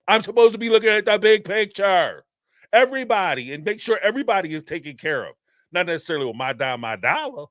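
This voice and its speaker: High, animated male live-stream host. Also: a little fast, no room sound, studio quality. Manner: animated and rambling, laughs often, acts out quotes. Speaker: host of a live call-in show. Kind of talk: casual commentary on a live stream.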